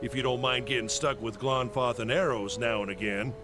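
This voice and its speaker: An actor playing a gruff male caravan master, a weathered frontier veteran who gives blunt, folksy warnings. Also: medium pitch, fairly even intonation, fairly quick, close to an everyday voice. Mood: dismissive. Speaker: caravan leader. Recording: game audio under music. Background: game music.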